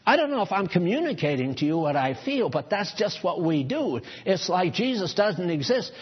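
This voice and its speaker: Folksy husky preacher man. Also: high-pitched, sing-song, moderate pace, highs cut off. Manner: folksy, conversational, with chuckles and asides. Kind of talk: sermon. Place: church.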